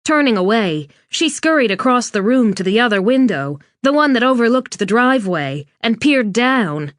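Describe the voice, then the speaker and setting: A woman narrating a suspense novel in a measured, even scripted reading. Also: fairly high pitch, no room sound. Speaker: audiobook narrator. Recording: dry studio read.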